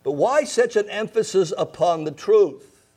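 A man's voice: sits high, lively intonation, a little slow, a little mellow. A man preaching a sermon, emphatic, repeating key phrases and asking rhetorical questions. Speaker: pastor.

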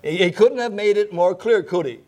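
A man's voice: sits high, moderate pace, a little mellow. A man preaching a sermon, emphatic, repeating key phrases and asking rhetorical questions. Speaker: pastor.

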